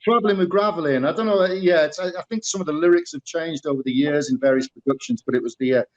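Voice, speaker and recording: A man's voice: on the high side, steady tone, quick pace, darkish tone, muffled recording. A middle-aged man with a Northeast English Teesside accent, answering interview questions in a loose storytelling way. He talks casually, trailing off into fillers and repeating words as he restarts his thoughts. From England, northeast (Middlesbrough). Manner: rambling, many fillers and restarts. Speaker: guest, former musical performer.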